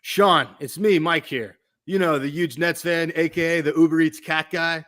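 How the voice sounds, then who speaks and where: Dude doing a nosy eager superfan, kinda high, mock-earnest. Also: male voice, steady tone, normal speed, fairly bright tone, lightly acted.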